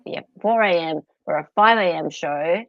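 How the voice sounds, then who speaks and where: This middle-aged Australian host runs a casual livestream from home, chatty and giggly while greeting her audience. Her fairly low voice has vocal fry and a moderate pace; there's no room sound, but the audio is slightly dull and lo-fi.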